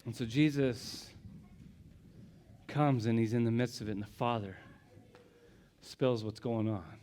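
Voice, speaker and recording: A male pastor preaching a sermon, telling the story dramatically, dropping to hushed whispers and rising to loud exclamations. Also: medium pitch, a little slow, a little hiss or hum.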